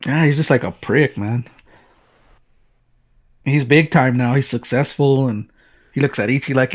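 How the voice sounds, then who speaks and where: A man's voice: medium pitch, measured pace, pauses often. A man co-hosting a casual film review chat, in a laid-back way that agrees and adds scene details. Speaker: co-host.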